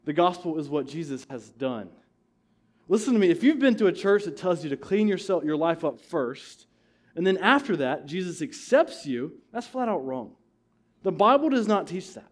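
High-voiced impassioned male pastor. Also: big pitch swings, normal speed. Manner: impassioned, emphatic repetition. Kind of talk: sermon. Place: church sanctuary.

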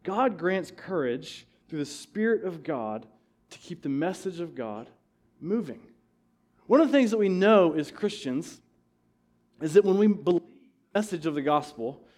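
A man's voice: high-pitched, a little mellow. A male pastor preaching a sermon in a church, impassioned and emphatic, repeating key phrases. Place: church sanctuary.

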